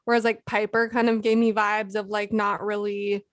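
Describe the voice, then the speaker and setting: A woman co-hosting a podcast, chatting casually in a relaxed way that trails off at the ends of phrases. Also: mid-range voice, normal speed, no room sound, clean studio sound. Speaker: podcast co-host. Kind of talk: casual chat.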